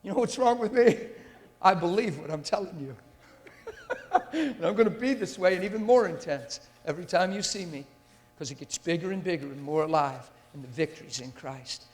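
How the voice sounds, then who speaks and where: A man's voice: high-pitched, expressive, fairly quick. A man preaching a sermon into a mic in a large church hall, intense and emphatic, often asking the crowd if they follow him. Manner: intense and emphatic, with rhetorical questions to the audience. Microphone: handheld or stand mic. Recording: long hall reverb.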